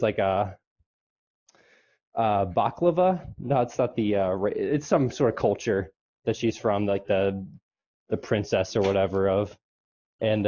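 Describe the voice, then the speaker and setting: Rambling man recapping, dull lo-fi audio. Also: dark tone. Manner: rambling, with squeaky falsetto when quoting characters. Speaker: podcast co-host. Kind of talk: casual recap of an episode.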